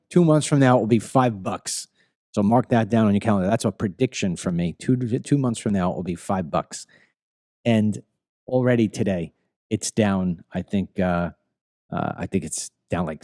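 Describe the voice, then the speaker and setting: A man's voice: lowish voice, moderate pace, darkish tone, dry recording, clean studio sound. A man in his fifties with a Long Island accent, hosting an opinion monologue in an emphatic, ranting way that keeps repeating phrases. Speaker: commentary show host.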